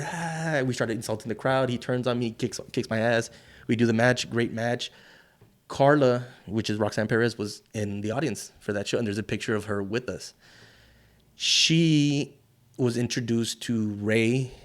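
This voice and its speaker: A middle-aged man from South Texas sits as a guest and tells his stories loosely. He swears freely, shifts into the voices of the people he quotes, and keeps his everyday voice at a medium pitch. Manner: profane, animated, acts out quoted voices. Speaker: wrestler and guest. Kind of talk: casual storytelling interview.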